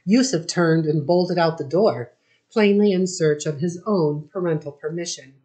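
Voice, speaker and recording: Slow, low-voiced woman narrator. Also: dark tone. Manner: slow, measured reading. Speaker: audiobook reader. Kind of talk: scripted narration.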